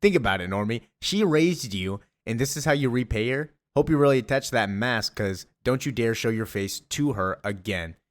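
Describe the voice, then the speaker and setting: A man's voice: medium pitch, expressive, moderate pace, few pauses, natural voice. A man voicing a cocky teenage girl hero with a teasing, quippy delivery while retelling a comic.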